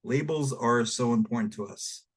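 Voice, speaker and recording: A man narrating a spiritual book aloud in a measured, reflective manner, speaking directly to the listener. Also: mid-range voice, slightly rough. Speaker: audiobook reader. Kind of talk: read-aloud nonfiction narration.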